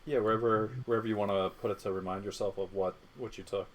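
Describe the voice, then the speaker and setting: A man's voice: lowish voice, steady tone, fast. A man as a tabletop game player, giving easygoing, reassuring advice on the rules. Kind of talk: casual chat at a game table.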